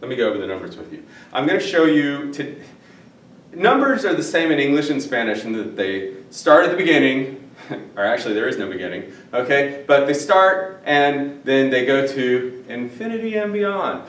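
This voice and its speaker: A man's voice: medium pitch, big pitch swings, moderate pace, fairly bright tone. A man teaching a Spanish class at a whiteboard, joking between number drills. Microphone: far camera. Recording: echoey classroom from far off.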